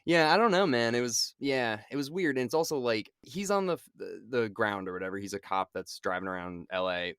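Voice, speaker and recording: A man co-hosting a podcast in casual movie-review chat, animated and swearing freely as he acts out characters' lines. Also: medium pitch, fairly quick, few pauses, clear, resonant tone, no echo, clean studio sound. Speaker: podcast co-host.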